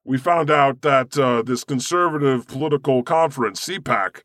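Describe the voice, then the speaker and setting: Brash swearing man, bright dry voice. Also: mid-range voice, moderate pace, no echo. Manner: irreverent, boastful, swears freely, deadpan jokes. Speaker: comedy podcast host playing God. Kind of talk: improvised comedy chat in character.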